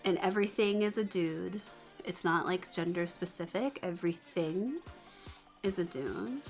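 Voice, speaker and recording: A woman's voice: lowish voice, measured pace, soft background music. Giggly Northern Californian woman streamer. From Northern California, Bay Area. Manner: giggly, chatty, peppered with "like". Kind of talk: casual livestream chat.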